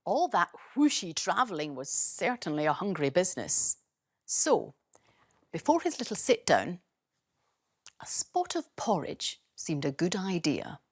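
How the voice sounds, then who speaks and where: Gentle, slow bedtime storyteller woman. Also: on the low side, sing-song, breathy edge. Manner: gentle, soothing and playful.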